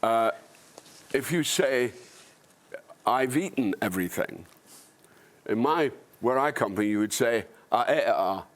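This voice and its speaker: An older Scottish man with a Dundee accent speaks as a panel guest in a blunt, wry, anecdotal way. His mid-range voice is animated but slow, with long pauses.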